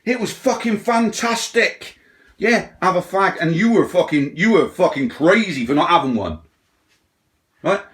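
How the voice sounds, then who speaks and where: A man's voice: high-pitched, animated, measured pace, a bit bright. Sweary, blunt man ranting. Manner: blunt, sweary, mocking mimicry of others. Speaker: ranting vlogger. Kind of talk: profane rant.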